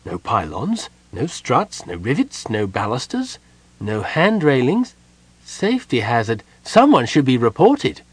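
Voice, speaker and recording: A man voicing an excitable, fussy male gnome with shrill outbursts, read aloud as a storybook figure. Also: a little slow, breathy edge, no room sound, full character voice.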